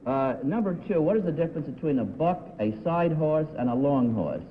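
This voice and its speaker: A man's voice: fairly high pitch, expressive, fairly quick, background noise. A man questioning contestants as a game show panelist, making dry jokes between hesitant "uh"s. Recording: tinny 1950s TV broadcast with hall reverb.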